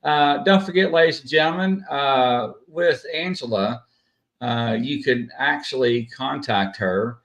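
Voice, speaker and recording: A man's voice: mid-range voice, measured pace, fairly bright tone. A man hosting a casual live stream, chatty and full of "uh" fillers, greeting viewers by name. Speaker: host.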